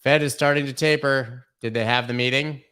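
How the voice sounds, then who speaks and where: A man's voice: mid-range voice, fairly even intonation, brisk, sharp tone, smooth. A young man hosting a live stream, chatting casually, reading out viewer questions and joking around with them. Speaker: host of a live crypto charting stream.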